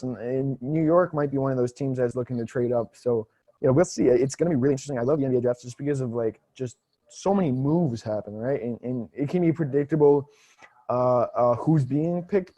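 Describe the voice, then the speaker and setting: A man's voice: mid-range voice, warm tone, rough recording. A young man co-hosting a casual sports podcast, talking hesitantly and stammering on restarts. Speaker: podcast co-host.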